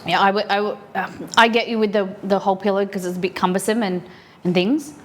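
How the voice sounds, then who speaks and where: In her kitchen, a woman streamer rolls food and replies to chat, talking with her viewers in a relaxed, chatty way. Her voice sits at medium pitch, with fairly even intonation and a fairly quick pace.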